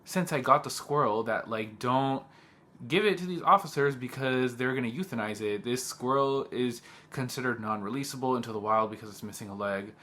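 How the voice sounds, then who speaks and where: A young man who works as a teacher tells a personal story in a casual vlog, speaking briskly with a medium-pitched, pushed, bright voice. He sounds agitated, says "like" often, and quotes the other people in the story.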